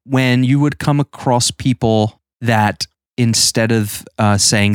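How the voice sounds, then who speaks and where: A man's voice: mid-range voice, unhurried, clear, resonant tone, dry recording, clean studio sound. A man co-hosting a podcast in casual chat, joking and teasing over a video call. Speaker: podcast co-host.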